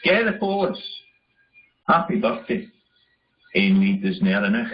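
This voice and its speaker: A man reads greetings and phrases aloud in a slow, deliberate, even way. The sound is muffled, as if it were played back through speakers. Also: lowish voice, soft background music. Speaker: narrator of a language video. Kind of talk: reading a phrase list. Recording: muffled video playback.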